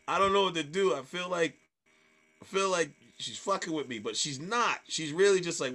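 A man, a comedian, telling stage stories in casual chat, swearing freely and acting out hecklers in loud voices. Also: fairly high pitch, moderate pace. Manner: animated storyteller, acts out hecklers in loud voices. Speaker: stand-up comedian guest.

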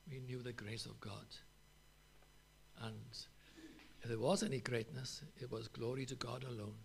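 Gravelly-voiced man preaching a sermon. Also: mid-range voice, slight background noise. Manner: earnest, emphatic preaching with pauses and fillers. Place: church.

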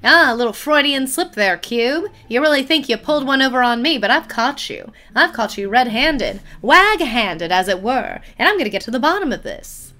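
A woman's voice: high-pitched, lively intonation, normal speed, hardly any pauses, bright, forceful tone. A woman streaming a mystery game, chatting with viewers and playing up a theatrical detective act. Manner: playful, theatrical detective banter. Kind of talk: casual game commentary.

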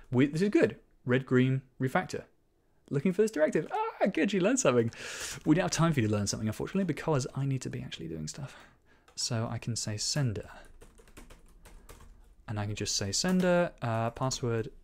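Man muttering code aloud while programming. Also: medium pitch. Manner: quick self-corrections and asides. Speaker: programming teacher. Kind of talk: live-coding commentary.

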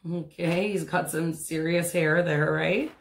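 Low gravelly woman teaching kids to draw. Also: fairly even intonation, measured pace, echoey room. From Canada. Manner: chatty and encouraging, many ums and asides. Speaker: art teacher. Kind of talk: step-by-step drawing lesson for children.

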